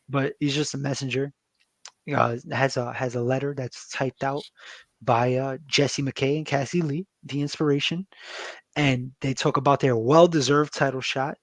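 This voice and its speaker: A man's voice: mid-range voice, dry recording. A man co-hosting a podcast, casually recapping a wrestling episode with loose, profane banter. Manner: loose and profane, with frequent fillers and laughs.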